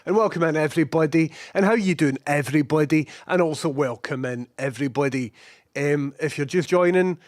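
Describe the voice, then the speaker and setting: A young Scottish man chats away on a live stream, greeting his viewers one by one. His voice is a touch hoarse from a cold, and the sound is close and dry with no room echo. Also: fairly high pitch, fairly quick. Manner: chatty, greets viewers warmly by name. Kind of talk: casual live-stream chat.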